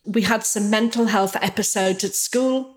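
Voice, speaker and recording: A woman's voice: mid-range voice, moderate pace. A woman tells her own story openly. She acts out the dialogue as she goes, and her voice sits in the middle range for a woman. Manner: candid, animated, acts out quoted dialogue. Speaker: guest. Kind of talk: personal storytelling in an interview.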